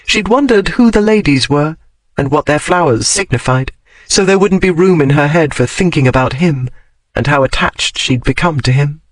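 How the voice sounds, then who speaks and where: A man reading a romance novel aloud in a steady, measured storytelling voice. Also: a little high, no echo, rough recording. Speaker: audiobook narrator. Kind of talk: scripted romance narration.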